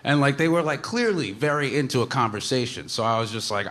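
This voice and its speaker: A man, a comedian, telling a story in loose, casual talk. His voice is bright and forward, and he chuckles as he rambles on. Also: mid-range voice, animated, a little fast. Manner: rambling, fillers like "like" and "you know", chuckling.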